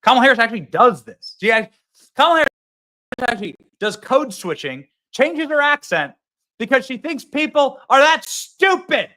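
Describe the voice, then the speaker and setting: A man hosting a casual live stream, talking excitably and rambling with lots of restarts. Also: very high voice, normal speed. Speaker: host. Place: small cabin booth at an event.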